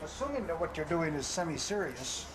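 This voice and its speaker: A man's voice: fairly high pitch, sing-song, brisk, background noise. A man on the street sternly lecturing a prankster about privacy. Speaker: passerby. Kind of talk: street argument.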